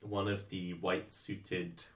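A man playing in a tabletop game, speaking slowly and hesitantly with frequent ums. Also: low voice, little pitch movement, fairly bright tone, roomy sound, far from the mic. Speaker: player.

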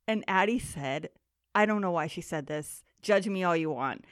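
A woman's voice: on the low side, unhurried, clear, resonant tone, no room sound, clean studio sound. Laughing woman telling stories on a podcast. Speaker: podcast co-host. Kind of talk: casual chat. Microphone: close podcast mic.

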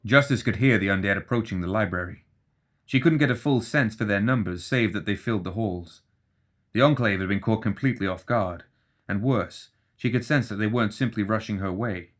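A man giving steady, scripted narration of a dark fantasy audiobook. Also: lowish voice, brisk.

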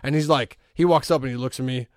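A man hosting a podcast, telling a long story in a casual, animated way and often breaking into laughter. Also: mid-range voice, quick pace, no echo, clean studio sound. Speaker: podcast host.

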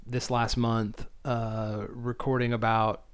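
A man co-hosting a podcast in casual chat, talking loudly and rambling with fillers and restarts. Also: medium pitch, takes it slowly, smooth. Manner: loud, energetic podcast voice. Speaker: podcast co-host.

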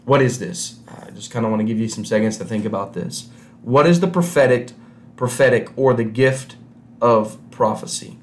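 A man's voice: medium pitch, normal speed, echoey room, a little hiss or hum. A man preaching a sermon to a camera with no congregation, talking in a conversational way and repeating key phrases for emphasis. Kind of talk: recorded sermon without congregation.

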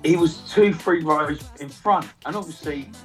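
A man's voice: fairly high pitch, normal speed, a bit bright, soft background music, rough recording. A man, telling a football fan story casually and acting out his friends' lines. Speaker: celebrity football fan guest. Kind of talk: casual anecdote.

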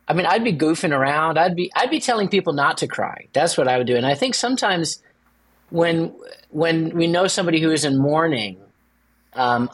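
A man co-hosting a faith podcast as a priest, chatting casually and joking with playful asides. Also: fairly bright tone. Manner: playful, jokes with sudden high-pitched asides.

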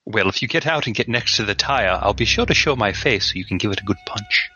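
A man's voice: fairly low pitch, animated, quick pace, sharp tone, muffled recording. A man doing a smug voice in the head. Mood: needling. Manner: sarcastic, prim and needling. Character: smug, mocking male voice in a head.

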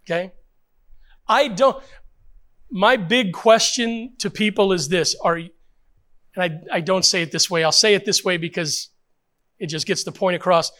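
A man's voice: high-pitched, measured pace, long pauses, bright, forceful tone. An older man, a pastor, preaching a sermon with emphatic rhetorical questions and repetition.

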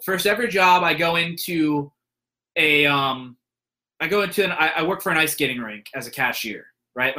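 A man's voice: fairly high pitch, bright, forceful tone. A young man telling a story in a casual monologue, rambling with fillers and restarts and acting out the people he quotes.

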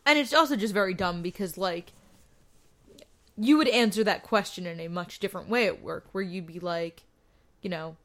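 A woman's voice: lowish voice, moderate pace. A woman co-hosting a podcast in a casual movie review chat, with dry, critical remarks. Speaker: podcast co-host.

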